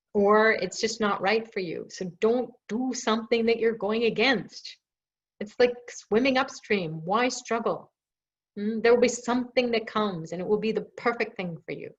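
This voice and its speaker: A woman hosting a live question-and-answer stream, chatty and reassuring, with jokes at her own expense. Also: medium pitch. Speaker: live show host answering viewer questions. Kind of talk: casual live Q&A. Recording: dull lo-fi stream audio.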